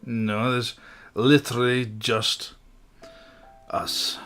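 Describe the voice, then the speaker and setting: A man's voice: medium pitch, fairly even intonation, drawn-out words, fairly bright tone. Guy doing a grumpy scottish dwarf, short and suspicious, mid voice, bit of guitar music behind. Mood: curt, suspicious. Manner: curt, dismissive, old-fashioned speech. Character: gruff, suspicious male dwarf worker. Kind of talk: improvised tabletop role-play.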